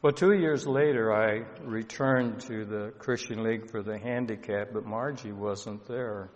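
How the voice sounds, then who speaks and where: Slow, earnest pastor in a reverberant hall. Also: male voice, on the low side. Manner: slow, earnest storytelling with emotional swells. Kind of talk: sermon storytelling. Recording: dull lo-fi sound with long hall reverb.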